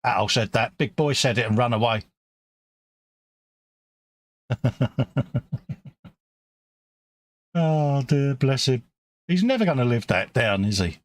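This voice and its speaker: With a mid-range voice and lively intonation, this British livestreamer chats at normal speed while painting models, mumbling to himself as he works. The recording is dry.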